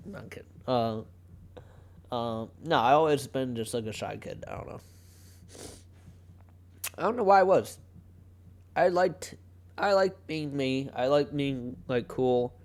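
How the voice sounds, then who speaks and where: A man's voice: mid-range voice, lively intonation, measured pace, long pauses. A young man hosting a solo podcast, talking casually in a rambling way, often cutting himself off and laughing. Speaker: podcast host. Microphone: home podcast mic.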